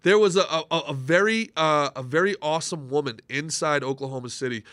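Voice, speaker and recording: A man with a bright, slightly raised voice hosts a casual podcast from a dry studio. He wanders through his stories with fillers and restarts, then lands his points with emphasis. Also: a little high, brisk, no echo. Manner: rambling, hesitant, with many restarts, then emphatic. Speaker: podcast host.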